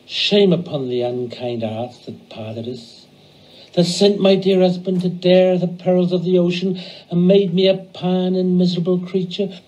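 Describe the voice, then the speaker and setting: A man's voice: sits high, steady tone, unhurried, mellow, dull audio. A man voicing a grieving young wife who speaks in a plaintive, melodramatic lament.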